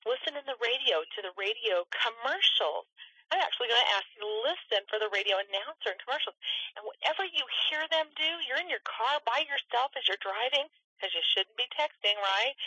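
A woman's voice: fairly high pitch, pushed and bright, husky, dry recording, poor audio. A woman giving a chatty training talk on a conference call, coaching listeners and asking them questions.

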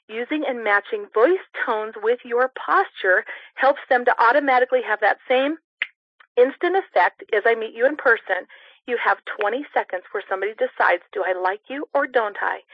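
A woman's voice: fairly high pitch, dry recording. A woman leading a sales training on a conference call, coaching in an upbeat way and demonstrating voice tones. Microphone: telephone. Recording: muffled dry phone-call audio.

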